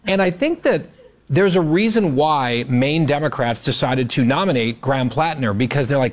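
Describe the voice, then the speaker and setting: A man's voice: medium pitch, expressive, normal speed. A man giving sarcastic, mocking commentary as a panelist on a talk show.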